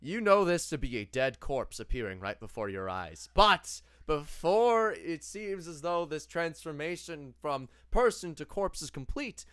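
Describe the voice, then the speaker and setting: Young male game master, slow, playful narration. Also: fairly high pitch, sing-song, fairly bright tone, clear, resonant tone, dry recording, clean studio sound. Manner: playful, laughing, halting narration. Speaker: dungeon master.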